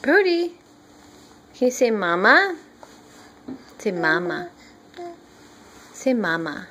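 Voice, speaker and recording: A mother in a noisy home video, coaxing her baby to talk in a sing-song baby-talk voice and gently scolding him at home. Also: mid-range voice, sing-song, slow.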